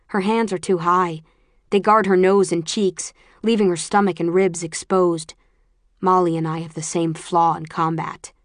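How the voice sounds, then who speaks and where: Low-voiced woman narrating an audiobook. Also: no echo, clean studio sound. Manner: low-key, measured, dropping to near whispers. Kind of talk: first-person audiobook narration.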